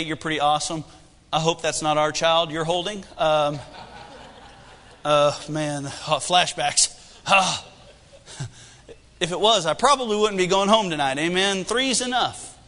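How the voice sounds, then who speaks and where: A man in his thirties preaching a sermon with animated delivery and humor. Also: sits high, long reverb tail. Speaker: pastor.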